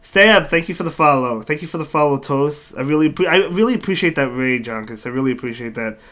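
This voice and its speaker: Speaking fast in a slightly high, fairly bright and expressive voice, a man calls his own online battles on stream. Chatty by nature, he reads the chat aloud, thanks viewers, and keeps repeating himself between moves.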